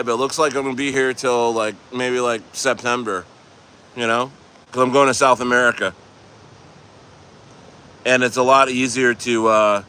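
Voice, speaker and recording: A man's voice: mid-range voice, a bit bright, slight background noise. Loose, chatty man rambling on a live stream. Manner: loose, chatty, laughs often, trails off and restarts. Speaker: crypto livestreamer reading chat. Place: outdoors near the coast.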